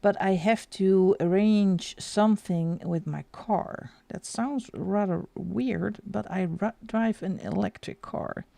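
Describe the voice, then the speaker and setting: A middle-aged woman chats casually on a coloring livestream, rambling from topic to topic. Her voice is gravelly and mellow, and she talks at an unhurried pace. The sound is dry and close. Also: mid-range voice, no room sound. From Netherlands. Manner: chatty, rambling, answers chat, laughs often. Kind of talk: casual live-stream chat.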